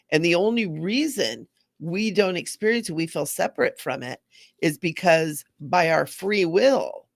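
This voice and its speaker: A woman's voice: on the low side, creaky, dry recording, studio quality. A woman hosting a live spiritual card reading, chatty and affirming, repeating mantras to her viewers. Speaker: intuitive card reader.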